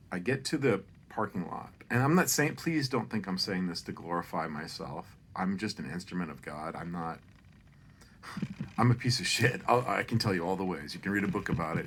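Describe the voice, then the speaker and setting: A man's voice: sits low, lively intonation, a little fast, fairly bright tone, slight background noise. A middle-aged man telling a holiday story in a rambling, profane, self-deprecating way, often drifting off on tangents.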